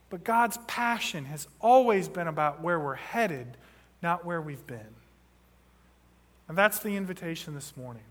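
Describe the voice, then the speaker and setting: A man in his thirties delivers a sermon, moving from storytelling into impassioned emphasis. His voice sits a little high. The long reverb of a large hall trails every phrase. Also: lively intonation, measured pace, a bit bright. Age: 30s. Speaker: pastor.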